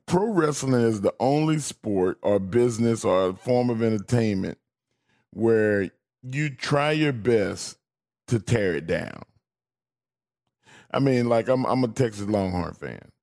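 A man's voice: on the low side, expressive, slow, a little mellow. A man co-hosting a sports radio show, telling wry, playful stories in casual chat.

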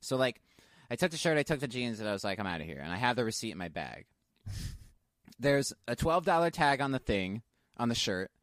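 A man co-hosting a casual podcast, telling a profane, animated story and bursting into high laughs. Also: fairly quick, pauses often, no echo, clean studio sound. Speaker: podcast co-host. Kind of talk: casual chat, storytelling rant.

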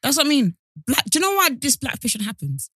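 A woman co-hosting a podcast, chatting casually and animated with strong opinions. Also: sits high, quick pace, no room sound, clean studio sound. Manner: animated, opinionated, laughs often. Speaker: podcast co-host. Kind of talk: casual chat.

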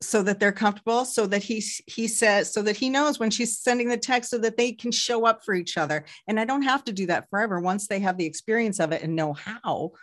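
A woman author and relationship counselor speaking in a podcast interview, animated and acting out her clients' voices. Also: mid-range voice, fairly quick, few pauses.

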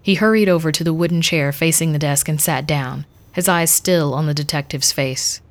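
A woman reading a dark fantasy story aloud in a measured, even voice. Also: low-pitched. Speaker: narrator. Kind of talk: scripted story narration.

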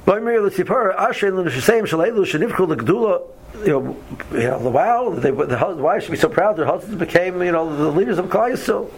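A man's voice: high voice, expressive, fairly quick, poor audio. Man teaching a casual Torah class. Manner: many repeated words and restarts, reads Hebrew verses then explains in English.

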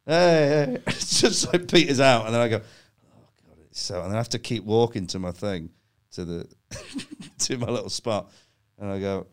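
Animated comedian telling a story. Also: male voice, fairly low pitch, moderate pace, few pauses. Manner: animated storyteller, swears freely, acts out his own panicked voice. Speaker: comedian guest. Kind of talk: casual podcast chat.

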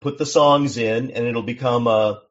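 A man from Seattle, a songwriter guest on a podcast, explaining things in a measured way with frequent restarts. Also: mid-range voice, fairly even intonation, lo-fi sound. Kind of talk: casual interview chat.

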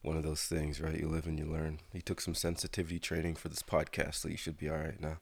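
A man's voice: a bass voice, quick pace, creaky. A man co-hosting a podcast, chatting casually and laughing easily with his friend. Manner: relaxed, chatty, laughs often. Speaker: podcast co-host. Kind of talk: casual chat. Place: Toronto area.

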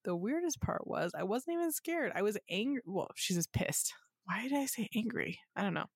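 A woman's voice: mid-range voice, big pitch swings, normal speed, vocal fry, slightly rough, no room sound, studio quality. A woman co-hosting a podcast, reading listener ghost stories aloud and cracking jokes, laughing often and swearing casually. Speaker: podcast co-host.

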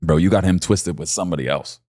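A man in his forties preaching a sermon, talking to his listeners directly and pushing his voice up high and loud when he urges them on. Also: fast, dry recording, clean studio sound. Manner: emphatic, rises to high excited peaks when urging listeners.

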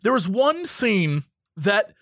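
A man co-hosting a podcast in casual chat, animated, acting out quotes in different voices. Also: high-pitched, slow pace, no echo, clean studio sound. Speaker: podcast co-host.

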